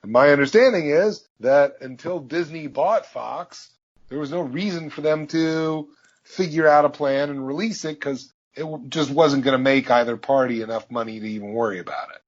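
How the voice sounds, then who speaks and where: A man, a voice actor being interviewed, telling stories in a relaxed, anecdotal way. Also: a little high, moderate pace. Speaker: voice actor guest. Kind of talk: interview answers, storytelling. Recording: dull lo-fi audio.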